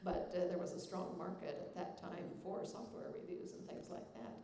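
A woman's voice: on the low side, moderate pace, creaky, dark tone. Rambling older woman in echoey hall. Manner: rambling, chuckling, many fillers. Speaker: author answering audience questions. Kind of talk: relaxed Q&A answers. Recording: echoey hall mic with faint noise.

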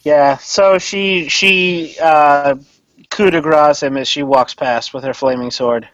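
A man's voice: a little high, fairly even intonation, takes it slowly, fairly bright tone, dry recording, lo-fi sound. A man playing a tabletop game, narrating his character's choices hesitantly with fillers. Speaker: player. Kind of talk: casual game chat.

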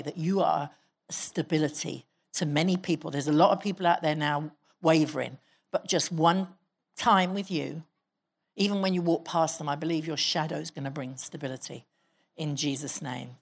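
A woman's voice: low-pitched, moderate pace, vocal fry, breathy edge. A woman pastor preaching a sermon in church, exhorting the congregation and leading them in prayer. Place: church hall.

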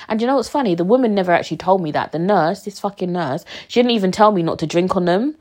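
A woman's voice: a little high, big pitch swings, fairly quick, few pauses. A woman, hosting a casual solo podcast while she is sick and upset. She rambles, with lots of fillers and some swearing. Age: 20s. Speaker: podcast host.

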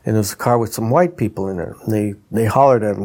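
A man's voice: lowish voice, quick pace. Older man telling stories, mimicking voices. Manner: animated, mimics voices in quoted dialogue. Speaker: retired trumpeter and instrument designer. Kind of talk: anecdotal storytelling.

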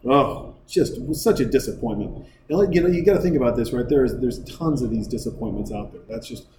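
Guy riffing on a movie, swears a lot, jokey, echoey room w loud noise behind. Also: mid-range voice, fairly quick. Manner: profane, jokey, excitable. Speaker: podcast host reviewing a film. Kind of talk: casual rambling commentary. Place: bar.

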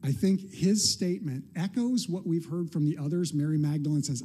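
A man's voice: a little high, moderate pace, hardly any pauses, dark tone, slightly rough. Casual, conversational male pastor. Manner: conversational, playful, acts out quotes. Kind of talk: sermon.

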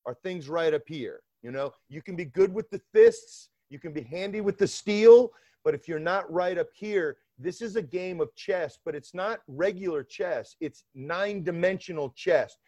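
A middle-aged man with a strong New York accent speaks in a fairly high voice, telling stories emphatically. The sound is dull and lo-fi, with a dry, close feel and no room echo. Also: normal speed, few pauses. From Atlanta area, Georgia. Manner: animated storytelling, emphatic. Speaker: former FBI undercover agent, guest. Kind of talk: interview conversation.

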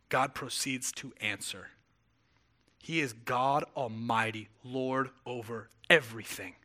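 A young man preaching a sermon as pastor, retelling the story with animated voices for the characters. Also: mid-range voice, unhurried.

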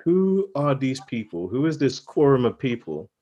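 A man co-hosting a podcast in casual chat, animated and playful, given to comic exaggeration. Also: medium pitch, normal speed, breathy edge, muffled recording. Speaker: podcast co-host.

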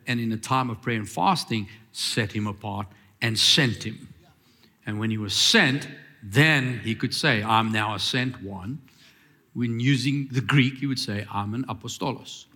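Guy preaching a sermon, mid pitch, keeps asking the crowd stuff and pushing the words up. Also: bright, forceful tone. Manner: call-and-response preaching, rising emphatic questions. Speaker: pastor.

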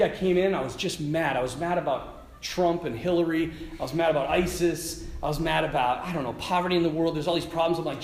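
A man, a priest, giving an informal sermon at a prayer retreat, animated and laughing as he tells stories. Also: on the high side. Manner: animated, laughing, conversational storyteller. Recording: echoey room.

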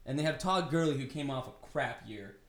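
Young dude on a sports podcast, easygoing, laughs a lot, mid-pitched voice. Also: male voice, normal speed. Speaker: podcast co-host. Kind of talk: casual sports podcast chat.

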